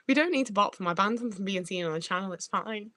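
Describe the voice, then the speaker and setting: On a dry recording, a young woman from the north of England hosts a casual livestream, reading comments aloud, speaking bluntly and swearing freely. Her voice is medium-pitched with a fairly bright tone.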